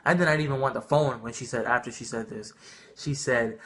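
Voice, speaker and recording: Bright-voiced young man telling stories. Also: medium pitch, fairly quick, slight background noise. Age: young adult. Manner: animated, casual, swears freely. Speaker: vlogger. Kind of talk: casual storytime vlog.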